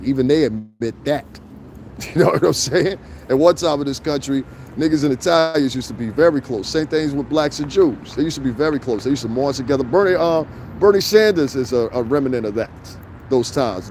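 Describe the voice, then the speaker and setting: A man's voice: mid-range voice, a little mellow, a little hiss or hum. Profane New man chatting outdoors. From New York. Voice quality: loose, profane, rambling storyteller. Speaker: livestream host. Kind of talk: casual livestream chat reading comments. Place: outdoors in the cold, city street.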